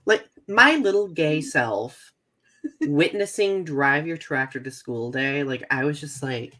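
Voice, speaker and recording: A man from central Michigan co-hosting a casual podcast, animated and full of "like". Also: fairly high pitch, unhurried. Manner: animated, heavy use of "like". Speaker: podcast co-host. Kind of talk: casual chat.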